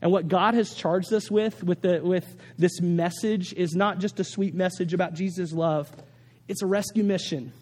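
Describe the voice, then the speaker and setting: Male pastor, high voice, earnest and animated, long hall echo. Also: moderate pace. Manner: earnest, animated storytelling with many restarts. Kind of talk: sermon.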